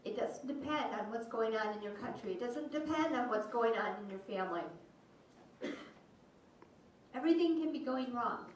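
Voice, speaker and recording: Woman preacher, higher voice, slow and measured, heard from far off in a roomy hall. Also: lively intonation. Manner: slow, measured phrasing with pauses. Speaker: voice interpreter for a sermon. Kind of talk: sermon. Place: church sanctuary. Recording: distant, echoey church hall, faint hum.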